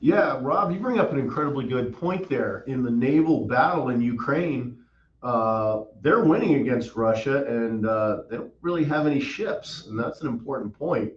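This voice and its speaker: A man taking part as a guest in a panel discussion, explaining his points in a measured way with frequent fillers. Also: mid-range voice, animated, slight background noise. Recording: echoey muffled call audio.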